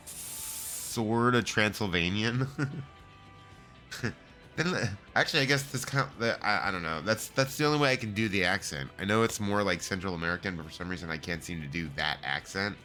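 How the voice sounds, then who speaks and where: A man's voice: low voice, moderate pace, sharp tone, soft background music. A middle-aged man streaming a video game, chatting casually, reading the dialogue aloud and laughing at himself often. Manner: jokey and self-deprecating, laughs often. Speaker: gaming streamer.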